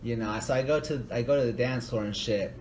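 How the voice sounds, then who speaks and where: A young man and podcast co-host, rambling quickly through a story in slangy casual chat. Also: mid-range voice, darkish tone. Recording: clear background noise.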